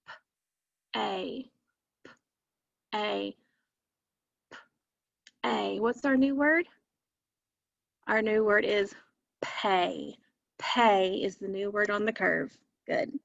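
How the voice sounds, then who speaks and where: A woman's voice: medium pitch, creaky, a bit bright, dull audio. A woman teacher leading a recorded phonics lesson for children, patiently repeating each word for them to echo.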